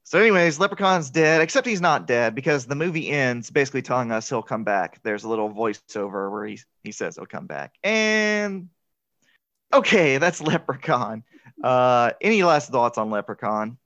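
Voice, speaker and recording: A man's voice: medium pitch, lively intonation, moderate pace, fairly bright tone, muffled recording. A man hosting a casual chat, laughing often and filling gaps with "um" and "like" as he retells a film. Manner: chatty, laughs often, filler-heavy. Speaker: podcast host. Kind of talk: casual movie recap chat.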